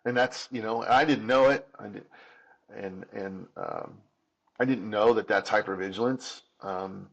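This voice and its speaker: A man's voice: lowish voice, measured pace, vocal fry, lo-fi sound. A man in his fifties telling his own story as an interview guest, candid and earnest, often restarting and repeating words. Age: 50s. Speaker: podcast guest.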